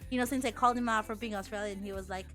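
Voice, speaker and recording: A Filipino woman VTuber chats casually with her stream chat, animated, laughing a lot and swearing offhandedly. She talks rapid-fire at a medium pitch over soft background music.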